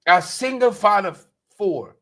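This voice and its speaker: A Guyanese man delivers satirical commentary in a high voice that leaps up and down as he talks. He hammers his points by repeating them and mimicking others. The delivery is animated and mocking. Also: unhurried. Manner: animated, repeats lines for emphasis, mocks with mimicry. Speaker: host.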